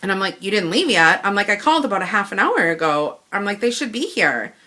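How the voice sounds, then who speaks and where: A woman tells a long customer-service grievance straight to camera. Her voice is bright and forward. She keeps slipping into the quoted lines, playing herself and the store clerk in turn. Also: medium pitch, quick pace. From Wisconsin. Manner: animated retelling, acting out both sides of the dialogue. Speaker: vlogger. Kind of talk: ranting story to camera.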